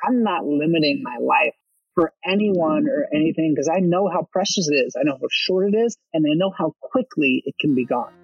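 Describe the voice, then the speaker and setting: A man's voice: on the high side, moderate pace, creaky, slightly rough, no room sound, highs cut off. A veteran and motivational speaker from Baltimore, telling his story with swearing and acted-out quotes. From Baltimore, USA. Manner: animated storyteller with profanity, acts out quotes. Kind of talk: storytelling interview.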